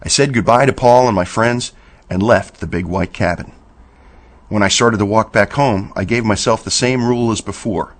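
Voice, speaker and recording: Low-voiced man narrating a horror story. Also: normal speed.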